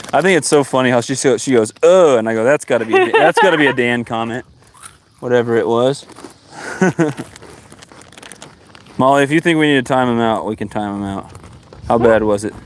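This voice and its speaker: An easygoing man talking casually as he fishes outdoors by the water. He has a middling voice and jokes and teases while he talks. He keeps it relaxed, like a live streamer chatting along. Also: mid-range voice, moderate pace, pauses often. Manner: easygoing, teasing. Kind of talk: casual chat while fishing. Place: outdoors by freshwater. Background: wind.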